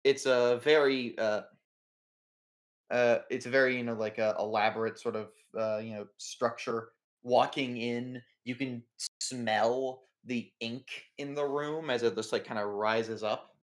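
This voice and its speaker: A man's voice: mid-range voice, fairly even intonation, unhurried. Guy game-mastering a tabletop game, rambly, lots of ums and likes.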